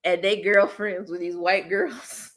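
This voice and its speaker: A woman hosting her own channel, chatting casually with viewers in a blunt, slangy, teasing way and breaking into loud playful laughter. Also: medium pitch, fairly even intonation, slow, a crowd in the background. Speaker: host of a commentary channel. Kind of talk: casual chat reacting to viewers.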